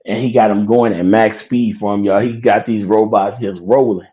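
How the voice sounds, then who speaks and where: A man casually retelling a movie plot, a little wheezy and out of breath, now and then acting out lines in a high excited voice. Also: moderate pace, slightly rough. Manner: animated storyteller, acts out quotes in a high excited voice. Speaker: online show host. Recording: dull lo-fi sound.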